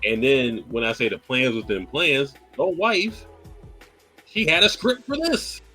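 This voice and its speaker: A man co-hosting a podcast, casually reviewing an anime and retelling scenes in a loose, profane, animated way. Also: medium pitch, a little slow, husky, soft background music. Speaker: podcast co-host.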